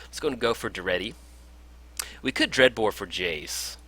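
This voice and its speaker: A man's voice: on the low side, expressive, moderate pace, bright, forceful tone, a little hiss or hum. A man casually commentating his own card game match in an upbeat, chatty way, with frequent fillers. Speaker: gameplay commentator.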